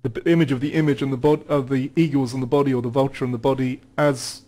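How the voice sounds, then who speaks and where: A man in a studio conversation, explaining scripture in an earnest, patient way. He reads long passages aloud, then unpacks them with small restarts and self-corrections. His voice sits at an ordinary middle pitch. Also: fairly even intonation, fast, dark tone. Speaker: guest Bible teacher.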